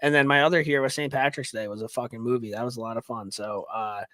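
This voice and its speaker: A man's voice: medium pitch, steady tone, fast talker, fairly bright tone, no echo, clean studio sound. A young man co-hosting a hockey podcast in casual banter, swearing often and calling his co-host "dude". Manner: swears a lot, says "dude".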